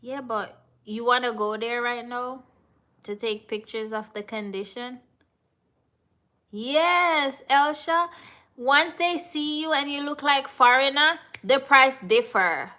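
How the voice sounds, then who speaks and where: A woman's voice: high-pitched, slow pace, sharp tone. A Jamaican woman hosting a live stream, chatting casually and answering viewers in the chat. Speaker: livestream host.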